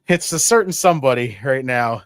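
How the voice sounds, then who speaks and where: A man's voice: mid-range voice, normal speed, dry recording. Hyped up guy talking wrestling, swears a lot, voice jumps all over, dry close mic. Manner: excitable, profane, repeats himself for emphasis. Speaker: podcast co-host. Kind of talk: casual wrestling chat.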